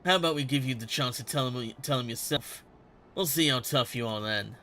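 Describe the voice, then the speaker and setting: A man voicing a rough, scoffing male bandit from a game, in a gruff drawl. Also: mid-range voice, fairly quick, sharp tone. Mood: menacing.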